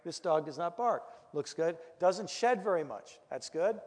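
A middle-aged man, a pastor, giving a lecture full of comic stories, animated and full of restarts. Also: fairly high pitch, unhurried. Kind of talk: humorous storytelling lecture. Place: lecture hall. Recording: reverberant hall.

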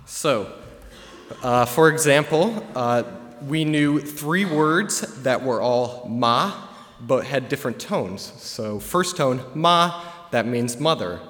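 A young man giving a relaxed, chatty presentation to a live audience, with plenty of filler words. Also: mid-range voice, slow pace. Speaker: student presenter. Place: large hall with an audience. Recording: long hall reverb.

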